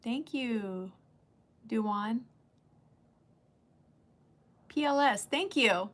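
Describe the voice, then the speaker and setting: Woman, livestream host, blunt, chatty, casual, slightly high voice. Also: very slow. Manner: blunt, chatty, greets viewers by name. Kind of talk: casual livestream chat with viewers. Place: indoor room under a bright light.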